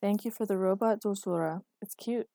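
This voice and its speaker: A woman voicing a dry, patient, exasperated boyfriend with a deadpan delivery. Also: medium pitch, normal speed, no echo, lightly acted.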